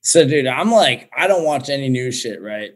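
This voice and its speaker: A man's voice: mid-range voice, animated, normal speed. A young man, a podcast guest on a remote call, telling a story in a loose, slangy way and swearing heavily. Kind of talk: casual storytelling.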